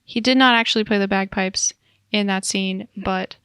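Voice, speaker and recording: A woman's voice: mid-range voice, fairly even intonation, moderate pace, a bit bright, smooth, no room sound, studio quality. A woman co-hosting a podcast in casual chat, rambling with asides and giggling often. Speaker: podcast co-host.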